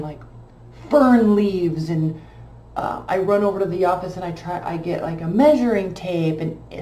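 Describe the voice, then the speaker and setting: A woman casually telling a long personal story, emotional and animated, with many fillers. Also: lowish voice, roomy sound. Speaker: tarot channel host.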